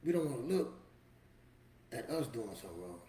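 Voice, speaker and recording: A man's voice: mid-range voice, sing-song, normal speed, mellow, echoey room, slight background noise. A man giving a motivational talk to camera in a preachy, emphatic, street-casual storytelling manner. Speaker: motivational vlogger.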